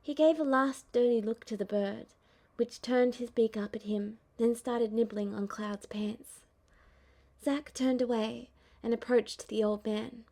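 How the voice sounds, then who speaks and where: Measured female fan-fiction narrator. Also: a little high, fairly even intonation, dark tone. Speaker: audiobook reader.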